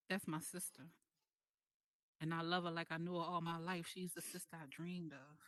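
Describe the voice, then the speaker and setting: Heartfelt woman with a slightly low voice. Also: flat delivery, a bit bright, dry recording. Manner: heartfelt, slow and emphatic, pausing between phrases. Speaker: guest speaker. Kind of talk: emotional personal testimony in group voice chat. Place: online voice chat server.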